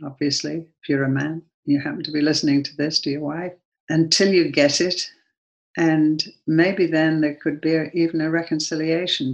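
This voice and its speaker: Gravelly-voiced Englishwoman telling a story. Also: deep voice, rough recording. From England. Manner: earnest, lively storyteller. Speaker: guest. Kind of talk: personal storytelling and prayer.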